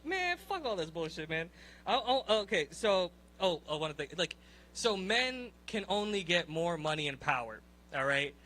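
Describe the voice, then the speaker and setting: A young man doing a profane, animated stand-up set, ranting in disbelief and laughing at his own lines. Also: sits high, moderate pace. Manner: profane, animated, incredulous rants with frequent laughs. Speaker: stand-up comedian. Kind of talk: stand-up set at an open mic.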